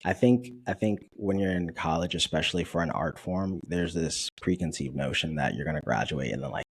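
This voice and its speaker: A man in his twenties from Dallas, Texas, a podcast guest telling his story in a casual, animated way, acting out quoted dialogue and laughing often. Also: low-pitched, fairly quick, a little hiss or hum.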